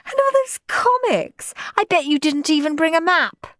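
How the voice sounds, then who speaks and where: A bossy, moody little girl, played by a woman reading a storybook, high and snappy, sneering at every turn. Her lines bounce up and down, dry and close to the mic. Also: big pitch swings, a little slow, a bit bright, no echo.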